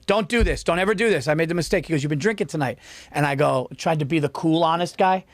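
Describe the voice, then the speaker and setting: A man's voice: fairly high pitch, fast talker, dry recording. A man from the New York suburbs hosting a podcast, telling a long story in a rambling way and acting out quotes. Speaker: podcast host. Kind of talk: casual chat, storytelling.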